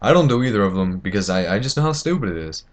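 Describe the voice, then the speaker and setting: A man's voice: lowish voice, big pitch swings, quick pace. Rambling indignant teenage boy. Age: teens. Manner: indignant, rambling, many fillers. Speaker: vlogger. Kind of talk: opinion rant to camera.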